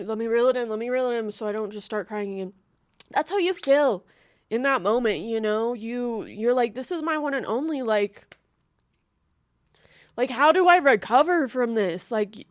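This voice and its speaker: A woman's voice: on the high side, no echo, studio quality. A young American woman giving casual, emotional reaction commentary as a streamer. She rambles and says "like" constantly. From United States. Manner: emotional, rambling, heavy use of "like".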